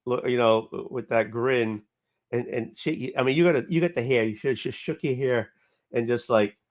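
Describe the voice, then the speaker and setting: A mid-pitched man hosts a live stream chat, teasing his guest and egging him on. He often restarts his sentences, and his voice sounds dry and close. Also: moderate pace, no room sound. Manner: teasing, encouraging, talks in restarts. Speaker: show host.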